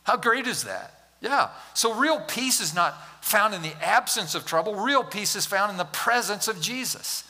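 A male pastor preaching a sermon, animated and humorous, acting out Bible scenes and talking directly to the congregation. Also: high voice, moderate pace, few pauses. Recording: long hall reverb.

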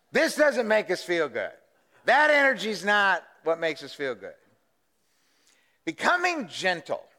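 A man's voice: sits high, pushed and bright, long reverb tail. A man preaching a sermon as pastor, talking conversationally and asking the congregation questions.

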